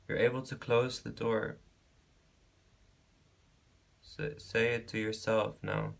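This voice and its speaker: A man giving a pick-a-card tarot reading, talking gently and reassuringly, rambling with restarts and calling listeners babe and beautiful soul. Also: lowish voice, little pitch movement, takes it slowly, vocal fry, long pauses. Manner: affectionate, calls viewers babe and beautiful soul. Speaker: tarot reader.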